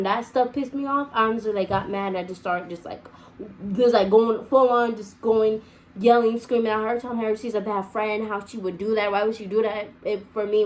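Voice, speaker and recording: A woman's voice: mid-range voice, a little hiss or hum, poor audio. A young woman telling a personal story casually, rambling with many repeats and restarts. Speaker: vlogger.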